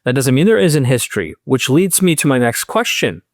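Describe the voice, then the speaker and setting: A man hosting a podcast, asking long, deliberate questions in a conversation. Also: mid-range voice, very animated, no room sound, studio quality. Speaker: podcast host. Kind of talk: interviewing in conversation. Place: indoors, in-person conversation.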